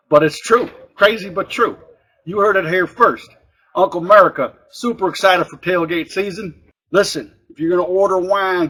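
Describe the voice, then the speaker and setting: A man with a slightly high-pitched voice delivers a comedic tips monologue as a cooking show host. He talks in a folksy, pumped-up way and keeps checking in with the listener. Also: fairly bright tone, rough recording. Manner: folksy and pumped, keeps tacking on "all right?".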